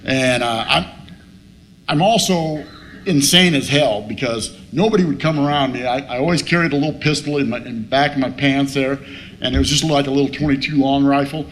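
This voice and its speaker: A man's voice: medium pitch, brisk. Man, 50s, recovery-meeting speaker; salty, self-mocking storyteller on a stage mic, faint room hum behind. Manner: profane, joking storyteller who laughs at himself. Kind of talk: personal story told to a meeting. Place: meeting room with a live audience. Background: faint room noise and audience laughter.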